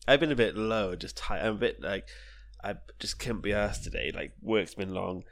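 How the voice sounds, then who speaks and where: A man's voice: on the low side, moderate pace, gravelly, fairly bright tone. A man co-hosting a podcast in casual banter, jokey and tired, swearing and laughing often. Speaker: podcast co-host.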